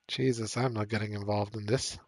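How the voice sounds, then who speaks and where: Loud music plays behind a man with a fairly low, evenly intoned voice who speaks unhurriedly while streaming a game. In his casual commentary he thinks out loud, reads the game text and choices, and uses frequent fillers and laughs.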